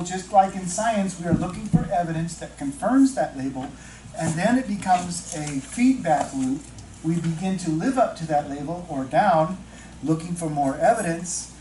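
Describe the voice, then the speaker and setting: A man leading a teacher-mentoring workshop, chatting with the audience, asking questions and slowing down to stress key points. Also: a little high, darkish tone, a little hiss or hum. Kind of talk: interactive workshop talk. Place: training room with audience. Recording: echoey room, distant mic, faint ambience.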